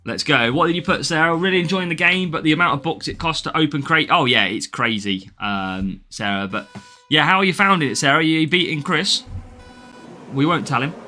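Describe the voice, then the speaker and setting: Bright-voiced English man streaming a game. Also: on the high side, expressive, brisk, soft background music. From England. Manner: chatty, greets viewers by name, laughs often. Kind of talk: live gameplay stream, reading chat.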